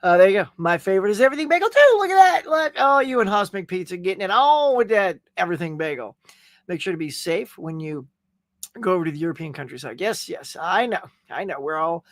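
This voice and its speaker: A chatty, jokey male host talks straight to his viewers in a casual stream. His voice sits high for a man. The sound is close and dry, with no room around it. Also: no room sound. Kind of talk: casual live-stream chat.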